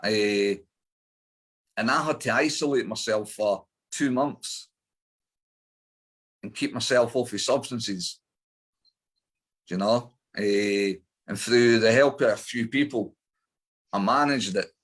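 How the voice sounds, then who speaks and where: A man's voice: fairly low pitch, takes it slowly, pauses often, a bit bright. A middle-aged man with an Edinburgh Scottish accent, a guest in an interview, telling his life story bluntly with lots of swearing and fillers. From Scotland.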